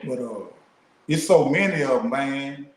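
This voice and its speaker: A man's voice: medium pitch, lively intonation, a little slow. A middle-aged man, a guest, telling stories in a laid-back, casual way and peppering his speech with "man". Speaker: guest, former prisoner. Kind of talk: casual storytelling. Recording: roomy echo.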